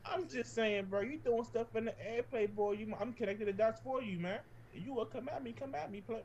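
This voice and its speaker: A man's voice: very high-pitched, brisk, a little mellow, highs cut off, slight background noise. A man playing an online party game, bantering in swaggering slang. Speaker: player. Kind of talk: trash-talking game banter.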